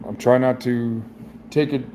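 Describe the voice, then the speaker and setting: A middle-aged man in a personal vlog, talking in a halting, rambling way with many restarts, emotionally raw and near tears. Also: mid-range voice, fairly even intonation, mellow, a little hiss or hum. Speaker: vlogger.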